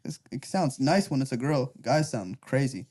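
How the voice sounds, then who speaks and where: A man's voice: medium pitch, expressive, normal speed, darkish tone. A man co-hosting a comedy podcast in casual chat, laughing often and jumping into jokes. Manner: laughs often, jumps into jokes and silly voices. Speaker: podcast co-host.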